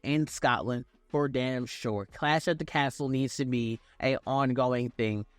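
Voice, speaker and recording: A man's voice: medium pitch, unhurried, no echo. A young man giving a casual, profane, slang-filled review of a wrestling event as the channel's host.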